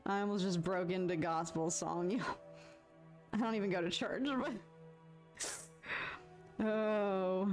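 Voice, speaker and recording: Chatty, expressive woman live-streaming her painting. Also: mid-range voice, moderate pace, pauses often, faint music behind. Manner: chatty and expressive, swinging from frustration to giddy relief, sings snatches. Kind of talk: casual live-stream chat while painting.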